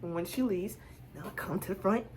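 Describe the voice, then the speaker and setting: A young woman vlogger telling a casual storytime, animated and acting out both sides of her conversations. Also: medium pitch, fast talker.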